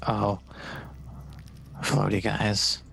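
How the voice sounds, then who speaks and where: Brief: man doing a meek little goblin, hesitant, whispery, gravelly and low. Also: monotone, very slow, fairly bright tone, faint music behind, exaggerated voice. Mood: shy. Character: small timid male goblin in big hood.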